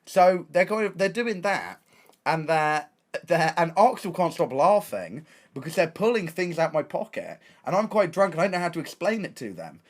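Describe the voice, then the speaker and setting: Animated young English man telling a tale. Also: on the high side, normal speed. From England. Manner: excitable, slangy, lots of restarts. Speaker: streamer. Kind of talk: casual storytelling.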